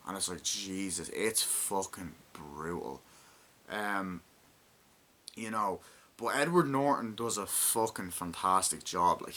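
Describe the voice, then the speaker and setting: A man's voice: on the low side, sharp tone. A young man in his twenties giving a rambling, profanity-heavy casual movie review and acting out lines from the film. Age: 20s.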